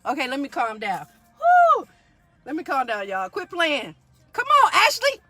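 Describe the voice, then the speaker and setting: Woman, 40s, yoga teacher, bright preachy motivational energy. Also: high-pitched, sing-song, normal speed, no echo, soft background music. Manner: fired-up, preachy, keeps asking "do y'all hear me". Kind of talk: motivational live talk.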